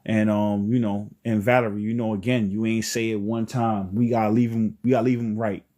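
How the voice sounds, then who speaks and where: Mellow, rambling man hosting a live stream. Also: fairly low pitch, flat delivery, brisk. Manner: rambling, filler-heavy, many "you know"s. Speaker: host.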